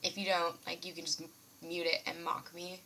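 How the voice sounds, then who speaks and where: A woman's voice: on the low side, little pitch movement, fairly quick, pushed and bright, slight background noise. A young woman in her twenties, rambling casually in a vlog from her dorm room, self-deprecating and sarcastic, laughing often. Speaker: student vlogger.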